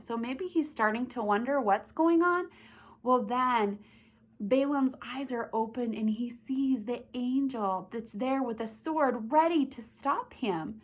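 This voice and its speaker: A young adult woman teaching a Bible lesson to children, retelling the story in an animated way and asking the kids questions. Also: on the high side, a little slow.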